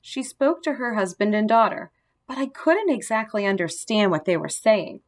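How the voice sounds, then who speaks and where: A woman reads a children's storybook aloud with a gentle, expressive delivery. Her voice sits at an ordinary middle pitch, steady and clear for young listeners. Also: moderate pace. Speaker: narrator. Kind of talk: storybook narration.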